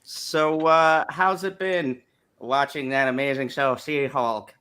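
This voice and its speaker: A man hosting a casual chat show, playful and quick to laugh. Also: medium pitch, steady tone, a bit bright, clean tone. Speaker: host.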